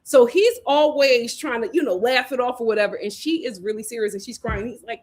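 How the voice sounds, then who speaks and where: A woman hosts a casual recap show. She talks in an animated way, laughs often, and acts out lines from the people she discusses. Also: on the high side, brisk. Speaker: host.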